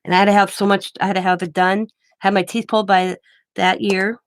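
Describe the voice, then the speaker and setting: A woman's voice: mid-range voice, flat delivery, a little fast, dry recording. An older woman hosting a craft channel, telling rambling personal anecdotes in casual chat and laughing often.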